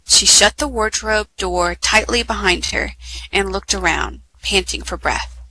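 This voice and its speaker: A woman reading children's stories aloud at a measured, clear read-aloud pace over a headset mic. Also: mid-range voice, bright, forceful tone, low-quality recording. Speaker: storyteller.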